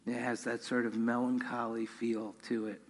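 A man's voice: medium pitch, little pitch movement, normal speed, slight background noise. A man preaching a sermon to his congregation, earnest, rising in force on key points. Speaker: pastor. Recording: long hall reverb.

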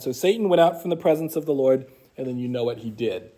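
A man's voice: mid-range voice, lively intonation, fast, few pauses, warm tone. A man teaching an apologetics class, explaining scripture in a conversational way and reading passages aloud.

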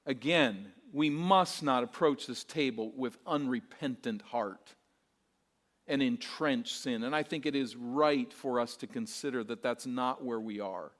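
A man delivering a sermon as pastor, his voice pitched in the middle range. He preaches earnestly, with rhetorical questions and repetition. His delivery moves between hushed, soft passages and fuller, emphatic ones. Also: measured pace.

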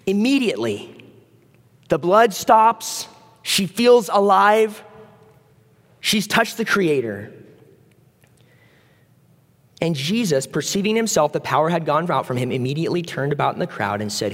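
High-voiced man preaching in a reverberant hall. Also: measured pace. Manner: conversational, animated, acts out voices of biblical figures. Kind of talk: sermon.

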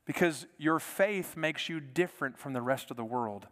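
A male pastor preaching a sermon with an earnest delivery, repeating words and dropping to a soft hush to stress a point. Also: fairly high pitch, normal speed, hardly any pauses, big-room sound. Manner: earnest, repeats words, drops to soft quiet lines for emphasis.

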